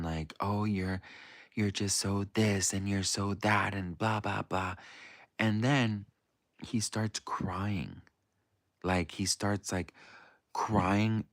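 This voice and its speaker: A young man from the United States with a very low voice, talking casually to his live chat and rambling through a story full of "like" and "um". The sound is close and dry, with no room around it. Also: a bit bright, dry recording. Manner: rambling, heavy on fillers. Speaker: livestream host.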